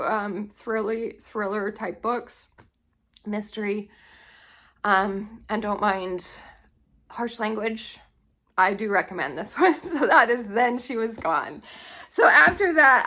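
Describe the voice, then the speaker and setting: A woman hosting a book channel, chatting casually through a review and often pausing to recall names. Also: mid-range voice, sharp tone. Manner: chatty, pauses to recall names, frequent um and laughs. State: tearing up.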